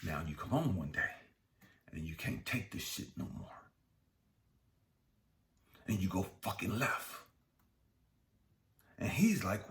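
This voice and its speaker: A man's voice: low voice, big pitch swings, slow, long pauses, fairly bright tone. A man hosting a self-help channel, giving a blunt, heavily profane, preachy motivational monologue.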